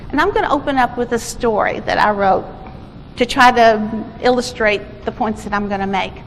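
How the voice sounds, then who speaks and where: A woman's voice: high voice, fairly bright tone. A woman giving a conference talk, telling a story in an informal, self-correcting way, recorded in a conference hall. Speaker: conference presenter. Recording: echoey hall with faint noise.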